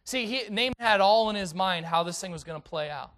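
Bright-voiced high male preacher. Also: expressive, fairly quick. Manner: dramatic swings from hushed to loud; reads scripture in King James wording. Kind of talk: sermon with scripture reading.

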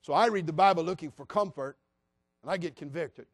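A man preaching a sermon as pastor, passionate, moving between loud appeals and hushed, quiet passages. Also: fairly high pitch, fairly quick, dry recording, studio quality.

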